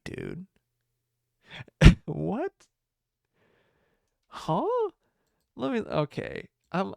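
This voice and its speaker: A man's voice: fairly high pitch, creaky, no echo, studio quality. A man hosting a casual solo livestream podcast. He rambles, restarts his sentences, corrects himself often and laughs a lot. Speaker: podcast host.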